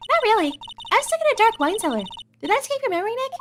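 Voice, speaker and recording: A woman voicing a bubbly, excitable, food-obsessed teenage girl spirit medium in a video game read-through, with giddy sing-song exclamations. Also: very high-pitched, racing, over music, voice pushed up.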